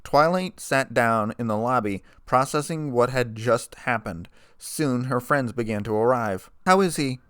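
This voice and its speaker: A man reading a fan fiction story aloud in a plain, steady narrating voice. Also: medium pitch, unhurried, few pauses, clean tone, no room sound, studio quality.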